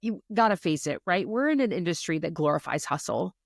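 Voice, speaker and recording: A woman's voice: on the low side, expressive, brisk, vocal fry, dry recording, studio quality. A woman in her forties hosting a faith-minded business podcast, affirming her guest and often adding "right?". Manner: warm, affirming, faith-talk, frequent "like" and "right?". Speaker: podcast host. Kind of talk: podcast interview.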